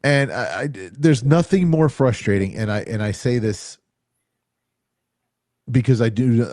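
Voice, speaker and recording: A man's voice: on the low side, no room sound, clean studio sound. A middle-aged man hosting a podcast, telling stories in casual chat and acting out the quoted lines. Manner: animated, acts out quoted dialogue. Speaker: podcast host.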